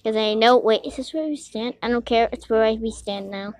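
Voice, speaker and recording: A woman giving casual commentary while playing an online game, excitable, giggly and quick to get frustrated, talking to herself. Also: on the high side. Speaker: gamer playing a Roblox game. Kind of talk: casual let's-play commentary.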